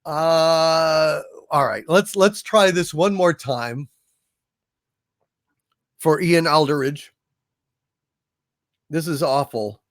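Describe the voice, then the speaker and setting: Male stream host, unhurried and halting, thanks viewers, dry close sound. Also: fairly high pitch, a bit bright, dry recording. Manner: rambling, with frequent filler hesitations. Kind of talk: casual live stream chat reading super chats.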